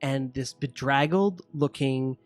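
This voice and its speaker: A man narrating as game master, halting and relaxed, with many fillers. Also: medium pitch, no echo, faint music behind.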